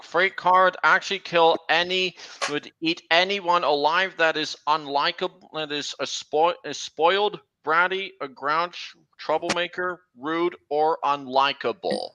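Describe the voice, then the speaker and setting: A man's voice: a little high, a little slow, few pauses, background noise. A man streaming a casual chat, rambling with many restarts and trailing lists, on a dull lo-fi recording.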